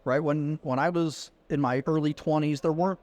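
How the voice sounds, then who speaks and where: At a conference venue, a middle-aged man appears as a podcast guest, his voice fairly high and his speed normal. He tells a casual anecdote as a lively storyteller, acting out the quoted dialogue as he goes.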